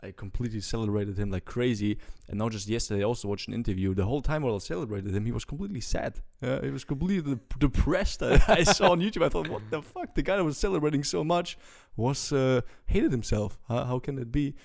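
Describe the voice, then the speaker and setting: A man talks quickly in a casual podcast chat, rushing ahead and restarting his words. His voice has a gravelly fry and sits at a middle pitch. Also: darkish tone. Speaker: podcast co-host.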